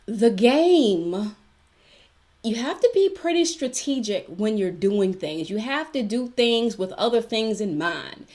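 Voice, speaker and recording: A woman's voice: fairly high pitch, big pitch swings, moderate pace, few pauses, darkish tone. Emphatic woman giving advice, checking in. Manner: emphatic, keeps checking in with "okay?"; chatty, repeats herself for emphasis. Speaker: vlogger giving workplace advice. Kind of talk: casual talk-to-camera advice.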